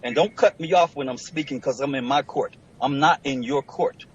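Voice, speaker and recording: A man's voice: medium pitch, normal speed, highs cut off, slight background noise. A man representing himself in a courtroom, lecturing and arguing combatively with the judge. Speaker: self-represented litigant in court. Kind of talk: courtroom argument.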